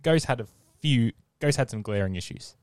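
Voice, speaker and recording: A young man in casual podcast chat, relaxed and matter-of-fact. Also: medium pitch, normal speed, smooth, no echo. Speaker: podcast co-host.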